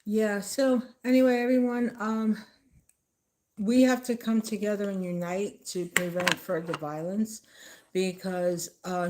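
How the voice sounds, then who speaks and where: A woman's voice: mid-range voice, a little mellow. Emphatic woman ranting at home. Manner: emphatic, repeats phrases, scolding. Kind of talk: casual political rant to camera.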